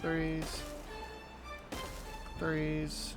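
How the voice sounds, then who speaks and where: A man giving casual commentary on his own gameplay, thinking aloud as he builds in a relaxed way. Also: fairly high pitch, takes it slowly, music in the background. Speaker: gaming YouTuber. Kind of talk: casual let's-play commentary.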